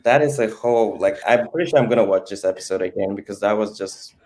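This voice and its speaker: Man, deep voice, co-host, enthusiastic, praising, jokey. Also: fast talker, a little mellow. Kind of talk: casual stream chat.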